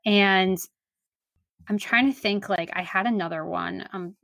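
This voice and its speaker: A woman speaking as a guest on a sports podcast, chatting casually and trailing off into quiet asides. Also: mid-range voice, measured pace, creaky, no room sound. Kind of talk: casual conversation.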